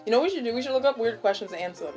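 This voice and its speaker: A woman's voice: on the high side, lively intonation, racing, darkish tone, faint music behind. A young woman hosting a casual chat, rambling and giggly with lots of "like". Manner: giggly, rambling, heavy use of "like". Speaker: channel host. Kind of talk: casual stoned mukbang chat.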